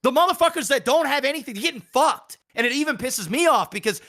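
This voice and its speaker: A man's voice: very high-pitched, lively intonation, fast talker, fairly bright tone. A man co-hosting a podcast, ranting heatedly and swearing a lot in casual chat. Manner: profane, heated, repetitive. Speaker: podcast co-host.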